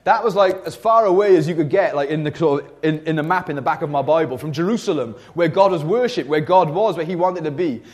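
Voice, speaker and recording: A man with a high voice delivers a sermon. He reads scripture and then talks it through conversationally, with emphasis and plenty of fillers and restarts. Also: a little fast. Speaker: preacher.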